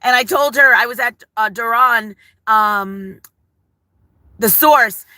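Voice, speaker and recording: A woman's voice: on the high side, slow, pushed and bright, dry recording, rough recording. An older woman chatting effusively on a live stream, rambling and greeting viewers as she talks. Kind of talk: casual live-stream chat.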